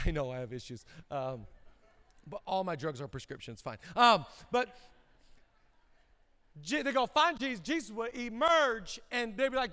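Man preaching, high voice, long hall echo, loud bursts and quick asides. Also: expressive. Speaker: pastor. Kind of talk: sermon. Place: church auditorium.

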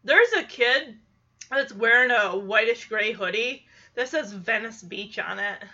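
A woman retells a show in a chatty, giggly way, with a high, bright voice. She talks casually and animates the story as she goes. The recording sounds dull and lo-fi. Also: animated, measured pace. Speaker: show recapper. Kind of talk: casual recap chat.

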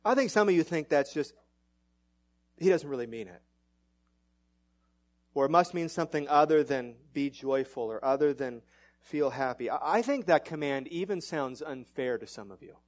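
High-voiced animated male pastor preaching. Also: moderate pace, long pauses. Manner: animated, self-mocking, rises to high excited pitch. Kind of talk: sermon.

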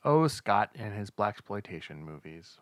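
A man's voice: lowish voice, big pitch swings, measured pace, no echo, clean studio sound. A man co-hosting a casual chat about movies, playful and teasing, laughing easily. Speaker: podcast co-host.

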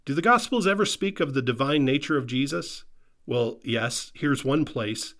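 A pastor with a mid-range, slightly bright voice and lively intonation preaches a sermon at normal speed. He is earnest and emphatic, repeating phrases for stress and asking his listeners direct questions.

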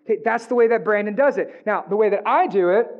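A male pastor preaching a sermon in an animated, joking way, with frequent asides to the congregation. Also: high-pitched, fast, highs cut off.

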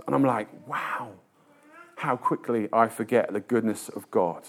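A man's voice: medium pitch, moderate pace. A man preaching a sermon in a conversational storytelling way, with frequent hesitations and restarts and a self-deprecating tone.

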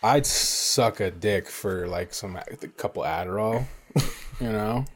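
A man in a casual podcast chat, chiming in with quick crude jokes. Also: on the low side, breathy edge. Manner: joking, quick interjections.

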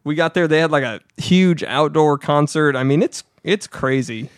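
A man's voice: normal speed, no room sound, clean studio sound. A man co-hosting a podcast who tells a story in casual chat and acts out the quotes. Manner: animated storyteller, acts out quotes with pitch jumps. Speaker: podcast co-host.

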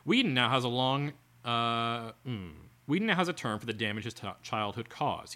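A man's voice: mid-range voice, lively intonation, moderate pace, few pauses, sharp tone. A man co-hosting a podcast, reading an article aloud and breaking off into sarcastic, exasperated asides. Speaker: podcast co-host.

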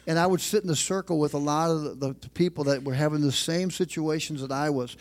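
A middle-aged man preaching a sermon as pastor of a church, emphatic, repeating phrases and slowing down on key lines. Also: fairly high pitch, darkish tone.

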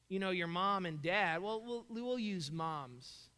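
Man preaching, very high voice, emphatic rhetorical questions, long hall reverb. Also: lively intonation, slow, hardly any pauses, sharp tone, clear, resonant tone. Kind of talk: sermon.

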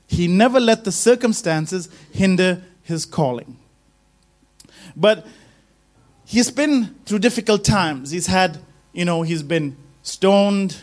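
A man preaching a sermon, praying and then teaching, who leans hard on single words and repeats key phrases for emphasis. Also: sits high.

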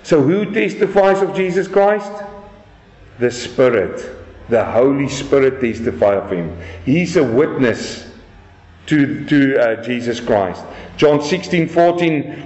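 A man's voice: medium pitch, animated, slow pace, a little mellow. Guy preaching a sermon, lots of questions to the crowd, roomy echo. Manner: rhetorical questions, emphatic scripture reading. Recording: echoey room, dull sound.

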